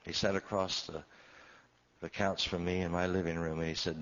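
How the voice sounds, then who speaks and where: A man's voice: sits low, flat delivery, moderate pace, fairly bright tone, lo-fi sound. A man preaching, a pastor giving an emotional testimony in a sermon, his voice swelling and dropping as he tells it.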